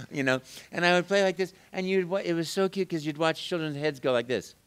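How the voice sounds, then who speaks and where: At a game convention, a male voice actor guest tells stories with real animation during a casual interview, slipping into character voices now and then. His voice sits on the high side, and he talks briskly with few pauses.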